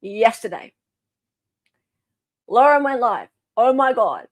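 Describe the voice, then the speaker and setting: A woman's voice: fairly high pitch, sing-song, takes it slowly, no room sound. An Australian woman hosting casual true crime commentary, chatty and sarcastic.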